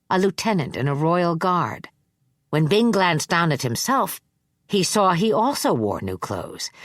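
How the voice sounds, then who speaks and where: Female audiobook narrator, deep register, measured delivery, dry close recording. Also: dry recording. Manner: measured, even storytelling. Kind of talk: scripted narration.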